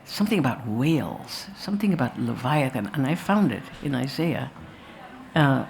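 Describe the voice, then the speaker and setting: A woman's voice: very deep voice, expressive, moderate pace, gravelly, a little mellow, a little hiss or hum. Rambling woman telling stories to an audience. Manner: rambling, anecdotal, with restarts and asides. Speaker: filmmaker talking about her film. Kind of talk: live post-screening talk to an audience. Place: festival talk before an audience.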